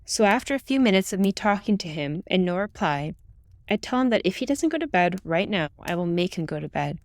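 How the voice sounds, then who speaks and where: A woman reading a true ghost story aloud in the first person, with calm, steady storytelling. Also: medium pitch, fairly quick, dry recording, studio quality. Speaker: narrator. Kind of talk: scripted ghost story narration.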